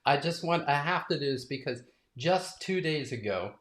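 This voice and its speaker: A man's voice: on the high side, expressive, normal speed, a bit bright, slight background noise. Eager male host in a roomy room. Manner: eager, jumps in with anecdotes. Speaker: livestream host, voice coach. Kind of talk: casual interview chat.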